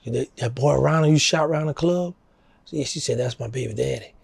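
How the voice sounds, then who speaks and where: Gravelly New Orleans man telling stories. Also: fairly quick, no room sound. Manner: animated storyteller, acting out quotes in a higher voice. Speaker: interview guest. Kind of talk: casual storytelling.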